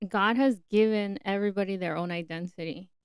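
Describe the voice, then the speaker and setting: A young woman hosts her podcast in a chatty, opinionated run of talk. Her voice is smooth and clear at a middle pitch. The recording is close and dry. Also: fairly quick, dry recording, soft background music. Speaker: podcast host. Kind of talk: casual solo podcast talk.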